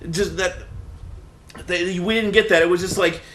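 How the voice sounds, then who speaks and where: A man chatting casually about movies he saw, lively and laughing, often acting out scenes in mock voices. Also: sits high, moderate pace. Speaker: co-host reviewing movies. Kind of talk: casual movie review chat. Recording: echoey room with faint noise.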